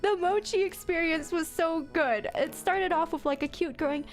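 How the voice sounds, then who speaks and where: A woman streamer chats to her viewers with a high, bright-pitched voice. She tells her stories animatedly, laughing often and restarting her sentences. Faint music plays behind her. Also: moderate pace, hardly any pauses. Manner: animated storytelling with frequent laughter; self-repeating, stumbling restarts. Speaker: VTuber streamer. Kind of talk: casual chat stream.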